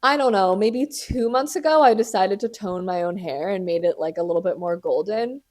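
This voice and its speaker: Medium in pitch with a darkish tone, this young woman talks at a moderate pace. On her podcast she spins a dramatic, foul-mouthed story in casual conversation, breaking into frequent laughter.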